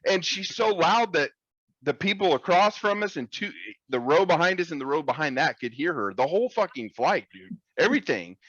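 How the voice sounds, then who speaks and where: A man's voice: fairly high pitch, brisk, no echo, lo-fi sound. Profane, storytelling podcast man. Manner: profane, animated, acts out quoted voices. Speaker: podcast co-host. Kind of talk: casual storytelling chat.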